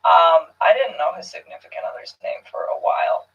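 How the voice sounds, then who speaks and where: A woman answering questions in a recorded police interview, hesitant and soft, often trailing off into near-whispers. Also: fairly low pitch, lively intonation, brisk, creaky. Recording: muffled, distant room recording.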